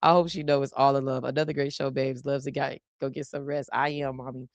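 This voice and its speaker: A chatty, playful woman hosts a live stream, speaking to her viewers in a low voice and saying y'all at every turn. The sound is dry and close. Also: level tone, fairly quick, no echo. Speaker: host of a live stream show. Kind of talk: casual live stream chat.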